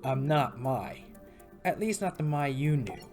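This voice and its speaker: A woman's voice: sits low, animated, measured pace, darkish tone, faint music behind. A woman voicing a cold, hostile young female duelist who talks in a scornful, cutting way.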